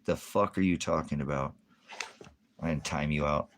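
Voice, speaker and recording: A man's voice: very deep voice, moderate pace, a little hiss or hum. A man hosting a ministry livestream, ranting in a heated, profane, rambling way and quoting scripture. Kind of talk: angry livestream rant.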